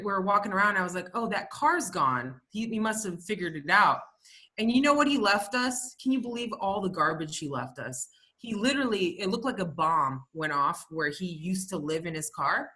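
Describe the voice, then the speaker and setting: Woman podcast cohost going off on a rant, cursing a lot, bright sharp voice. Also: medium pitch, lively intonation, normal speed. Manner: profane, ranting storyteller. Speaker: podcast co-host. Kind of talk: casual comedic chat.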